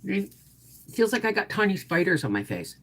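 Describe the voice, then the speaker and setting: A middle-aged woman hosting a casual live chat, cooing at her dog in a high baby voice between chatty talk to her viewers. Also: big pitch swings, moderate pace, fairly bright tone, husky. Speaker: homestead livestream host.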